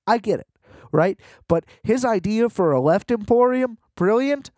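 Podcast host, man, rambling profane rants, dry close sound, voice sits a bit high. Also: unhurried, no echo. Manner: rambling, profane, animated ranting. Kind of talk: casual comedic monologue.

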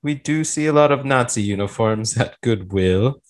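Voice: mid-range voice, moderate pace, close to an everyday voice. An actor playing a polite, matter-of-fact presidential aide. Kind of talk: comedy sketch acting.

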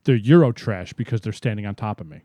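Male podcast co-host, mid-pitched, crude and ranting, dry close mic. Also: quick pace, warm tone, no echo. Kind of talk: casual comedic chat.

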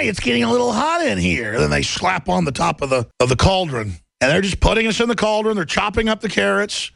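A man giving a sarcastic, comedic ranting monologue with animated storytelling. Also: a little high, vocal fry, no room sound.

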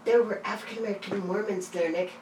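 A woman telling stories in casual chat, animated and quick to swear and laugh. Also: mid-range voice, distant mic. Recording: roomy, off-mic, faint hiss.

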